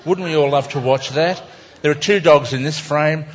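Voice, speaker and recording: A man's voice: a little high, moderate pace. A man with an Australian accent, a cartoonist talking an audience through his cartoons in a wry, chatty, self-mocking way. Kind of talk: casual live talk to an audience. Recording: dull lo-fi recording.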